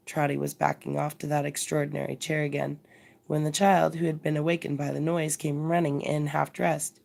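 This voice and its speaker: A woman narrating a classic story aloud as a bedtime reading, measured and expressive. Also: low voice, gravelly.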